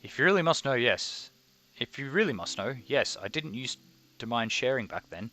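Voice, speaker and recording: A man's voice: mid-range voice, sing-song, moderate pace, sharp tone. A man voicing a pompous, lovesick male circus harlequin who misuses grand words, read aloud over a game. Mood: theatrical. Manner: grandiloquent, uses big words wrongly. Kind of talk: reading game dialogue aloud.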